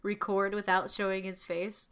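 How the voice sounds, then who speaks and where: Bright giggly woman on a podcast. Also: medium pitch, moderate pace, clear, resonant tone. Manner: giggly, expressive storytelling. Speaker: podcast co-host. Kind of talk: casual movie review chat.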